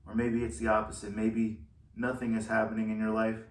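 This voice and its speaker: A man, a musician, talking through how he wrote one of his album's songs in a slow, thoughtful way with pauses. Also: lowish voice, completely flat delivery, roomy sound, far from the mic. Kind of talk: reflective solo talk.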